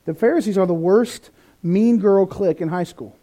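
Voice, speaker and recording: A male pastor delivers an animated sermon. His voice sits high for a man but sounds mellow and warm, and he acts out the people he quotes with sudden jumps in pitch and volume. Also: moderate pace.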